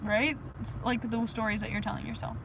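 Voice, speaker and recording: A woman's voice: fairly high pitch, level tone, fairly quick, fairly bright tone, a little hiss or hum, poor audio. Giggly woman rambling on a livestream. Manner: giggly, drifting, spiritual musings with chanting. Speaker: livestream host. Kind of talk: rambling casual livestream monologue.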